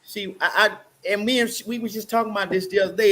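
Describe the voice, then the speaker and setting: High-pitched man panelist, loud profane rant, faint hiss behind. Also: quick pace, few pauses, poor audio. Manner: loud, profane, animated ranting. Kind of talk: casual panel discussion.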